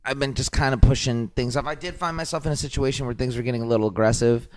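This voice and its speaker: A man co-hosting a podcast, relaxed and jokey in casual conversation. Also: medium pitch. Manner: laid-back, jokey, quick with wisecracks. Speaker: podcast co-host. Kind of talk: casual chat.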